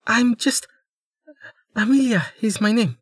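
A man's voice: high voice, slow, husky, no room sound, clean studio sound, voice pushed up, full character voice. A man voicing a bedraggled young woman who fakes injury and pleads for help in a breathless, faltering way. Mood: desperate pleading.

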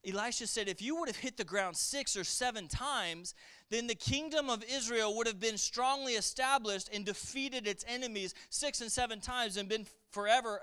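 A middle-aged male pastor preaching with lively, conversational energy, often calling out to the congregation for a response. His voice is bright and forceful, clear and smooth, sitting a little high for a man. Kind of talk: sermon.

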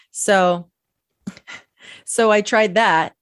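A woman's voice: on the low side, measured pace. A woman telling personal stories in a casual podcast chat, talking loosely with many fillers and laughing as she goes. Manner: chatty, storytelling with lots of fillers and laughs.

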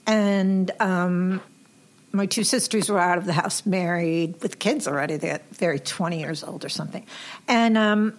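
Animated woman host telling stories. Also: on the low side, moderate pace. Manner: animated, emotional storyteller, laughs often. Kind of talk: casual chat.

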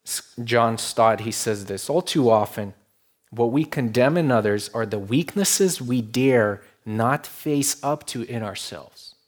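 A pastor teaches slowly and conversationally through his sermon, his voice mid-pitched. Rhetorical questions come often, and his quotations are delivered in a quiet, lowered tone.

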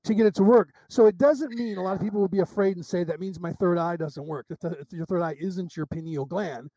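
A man's voice: sits high, quick pace, no echo. A middle-aged man being interviewed as a psychic medium, telling stories and acting out the dialogue, often restarting his sentences. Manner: animated storyteller acting out quoted dialogue, with restarts. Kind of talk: casual interview storytelling.

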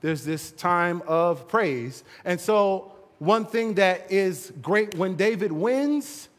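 An animated young man tells a Bible story with toys, laughing as he goes, his voice pitched notably high. The sound carries a long reverb from a church hall. He is playful and lively throughout. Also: slow. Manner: animated, laughs often, plays with action figures. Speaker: children's ministry presenter.

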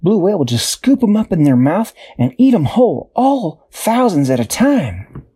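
Storybook marine biologist, young woman voiced by a man; thoughtful explainer, mellow raised voice. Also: high-pitched, very animated, normal speed, breathy edge, voice pushed up, exaggerated voice. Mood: explaining.

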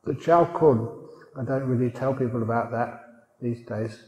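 A man's voice: mid-range voice, normal speed, darkish tone. A man giving a humorous sermon as a monk teacher, joking, chuckling and asking his audience questions. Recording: roomy hall reverb.

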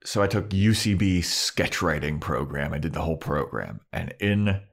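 A man co-hosting a podcast, recapping in a casual, animated storytelling way and swearing freely. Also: extremely low pitch, moderate pace, creaky. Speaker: podcast co-host.

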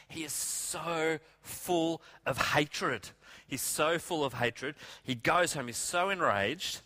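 A middle-aged male preacher telling a Bible story with animated energy. His pitch sits somewhat high and swings widely. His tone is bright and forceful. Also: unhurried. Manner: animated, acts out characters' lines.

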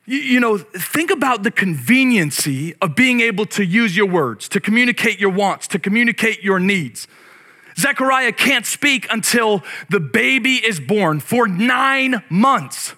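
A man preaching a sermon to a congregation, conversational, often restarting his words and shifting between loud exclaiming and hushed reflection. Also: high-pitched, expressive, a little slow. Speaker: pastor.

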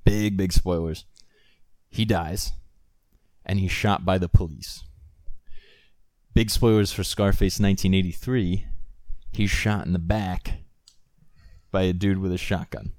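A man's voice: sits low, steady tone, a little slow, pauses often, darkish tone, no echo, studio quality. A young man co-hosting a podcast, rambling and joking, laughing and swearing freely in casual chat. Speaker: podcast co-host.

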